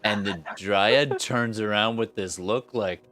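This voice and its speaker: Slow, low-voiced male game master. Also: fairly bright tone, soft background music. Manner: halting, with fillers and laughter. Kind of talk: narrating a tabletop game.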